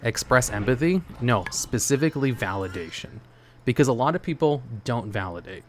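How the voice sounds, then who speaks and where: A male streamer chats casually with his viewers while gaming, answering chat in a laid-back, rambling way full of "like" and "you know." His mid-range voice has lively intonation at a normal speed, with a little hiss or hum in the background.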